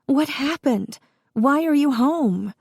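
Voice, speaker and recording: A woman's voice: expressive, slow, creaky, darkish tone, dry recording, studio quality, full character voice. A woman reading an audiobook, voicing a terrified young mother who shakes with fear and speaks urgently. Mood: soothing. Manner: shaky, urgent, high-pitched. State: shaking with fear. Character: terrified young mother comforting her son.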